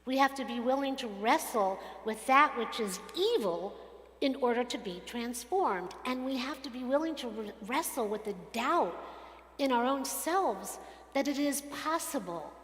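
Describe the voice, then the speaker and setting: A woman delivers a sermon, weaving everyday anecdotes into her message and acting out the people she quotes. Her voice sits a little high. The recording carries the long, roomy echo of a large sanctuary. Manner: animated storytelling, acts out quotes. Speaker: rabbi. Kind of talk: sermon with personal stories. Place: synagogue sanctuary. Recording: echoey hall from a distance.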